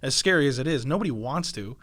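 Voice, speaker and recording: Chatting casually as a podcast co-host, a twentysomething man rambles a little while finding his words, laughing frequently. He sounds animated and a bit bright at medium pitch, talking quickly with no room sound.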